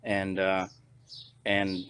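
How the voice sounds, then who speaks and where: Low-voiced man telling a rambling story. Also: completely flat delivery, very slow, fairly bright tone, clear, resonant tone. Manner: rambling, many restarts and "you know"s. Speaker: actor and podcast guest. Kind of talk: casual storytelling interview.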